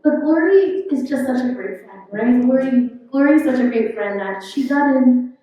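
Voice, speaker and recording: A woman's voice: high-pitched, lively intonation, normal speed, warm tone, lo-fi sound. Woman sharing fond memories, echoey room. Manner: fond, chatty storytelling. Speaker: eulogy speaker. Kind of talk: memorial tribute speech. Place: country club function room. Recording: echoey room, distant mic.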